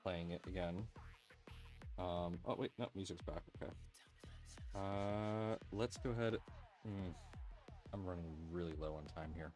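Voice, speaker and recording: Tired low-voiced man hosting a stream. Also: a little slow, long pauses, darkish tone, soft background music. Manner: joking, swears freely, sounds tired. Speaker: livestream host. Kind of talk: casual chat.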